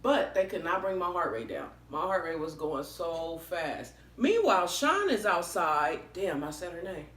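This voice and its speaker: A woman vlogger telling a story in a casual, animated way, expressive and swearing freely. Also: on the low side, moderate pace, hardly any pauses. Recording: roomy echoey room.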